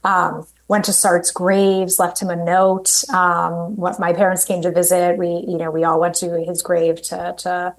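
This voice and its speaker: A woman coach speaking as a guest in a conversational interview, chatty, with quick bursts of speech. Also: on the low side, little pitch movement, low-quality recording.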